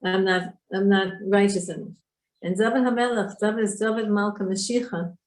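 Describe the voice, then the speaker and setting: A woman's voice: medium pitch, steady tone, moderate pace. A woman teaching a women's Torah class online, explaining Hebrew words and asking her students questions. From Israel. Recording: echoey room.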